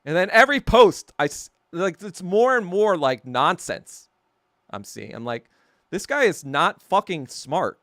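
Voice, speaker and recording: Animated, profane male podcast host. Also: sits high, unhurried, no echo, studio quality. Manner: profane, heated storytelling; sarcastic, laughing at himself. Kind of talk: casual rant.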